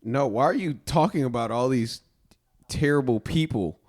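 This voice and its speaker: A man co-hosting a podcast in casual chat, animated, laughing often and swearing freely. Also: mid-range voice, normal speed. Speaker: podcast co-host.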